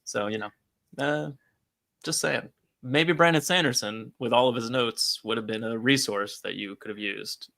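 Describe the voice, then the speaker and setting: A man's voice: medium pitch, normal speed, gravelly, pushed and bright. A man co-hosting a casual podcast chat, laughing often and reading out listener comments. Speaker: podcast co-host.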